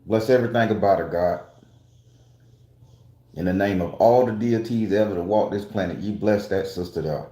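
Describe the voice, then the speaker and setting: A man's voice: sits low, normal speed, pauses often, warm tone, echoey room. A man and tarot reader telling a story in a casual, profane, emphatic way.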